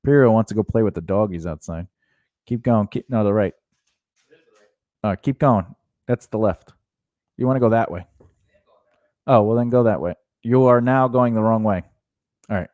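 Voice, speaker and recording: A man's voice: fairly low pitch, moderate pace, pauses often, a little mellow, dry recording, clean studio sound. A man co-hosting a home podcast, chatting casually in a rambling way and breaking off to talk to his dog. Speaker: podcast co-host. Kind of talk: casual chat.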